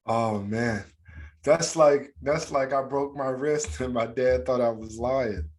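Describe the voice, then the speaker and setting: A man from the USA co-hosting a podcast, telling funny stories with laughs and loud quoted voices. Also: medium pitch, slow pace. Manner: laughing storyteller, loud excited quoting. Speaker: podcast co-host. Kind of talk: casual chat.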